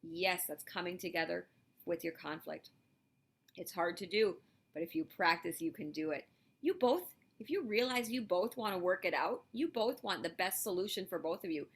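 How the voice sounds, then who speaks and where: Encouraging female teacher, lively delivery to young kids, a bit low-pitched. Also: normal speed. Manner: lively, encouraging, talks directly to children. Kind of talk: video lesson for elementary students.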